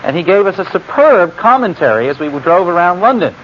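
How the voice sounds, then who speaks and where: A man teaching scripture in a loose, chatty way, wandering into personal stories and asides. His voice sits fairly high for a man. The recording sounds dull and lo-fi, with a faint hiss underneath. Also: big pitch swings, fairly quick. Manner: conversational, digressive, many fillers and asides. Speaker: Bible teacher. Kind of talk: informal Bible lecture with anecdotes.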